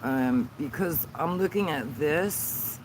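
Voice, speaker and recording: A man chats on a phone livestream outdoors, rambling and stopping often as he works out the settings. His voice sits a bit high and moves slowly. Passing cars and outdoor hum stay clearly audible under it. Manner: rambling, halting, fumbling with the phone. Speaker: channel host on sobriety. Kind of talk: casual livestream chat. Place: outdoors in a sunny yard. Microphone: phone held by the speaker. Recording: outdoor phone stream with road noise.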